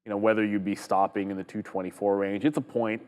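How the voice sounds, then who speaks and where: A man's voice: lowish voice, level tone, fast, darkish tone, smooth, in a large hall. A Canadian man co-hosting a live trading show, chatting loosely and reading viewer comments aloud.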